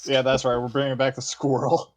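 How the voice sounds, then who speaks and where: A man hosting a casual gaming chat, halting with fillers and laughing often. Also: medium pitch, level tone. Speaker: gaming channel host.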